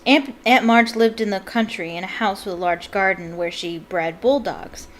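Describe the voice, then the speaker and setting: A woman's voice: medium pitch, normal speed, low-quality recording. A woman reading a novel aloud and breaking off for chatty asides of her own. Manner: chatty asides between narrated passages. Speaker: book reader.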